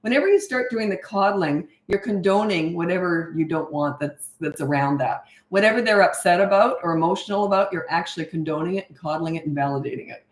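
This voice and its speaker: A middle-aged woman who coaches parents, answering viewer questions in a breezy, matter-of-fact way and acting out parent lines in a bright sing-song. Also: lowish voice, fairly quick, few pauses. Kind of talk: casual Q&A livestream. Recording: echoey room.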